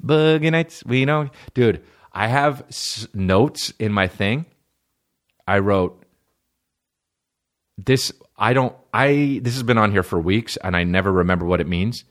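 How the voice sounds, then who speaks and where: A man's voice: fairly low pitch, unhurried. A male podcast host ranting through a comedic story, swearing often and acting out the other people's lines. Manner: animated storytelling, profane, acts out voices of others. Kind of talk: solo comedic podcast rant.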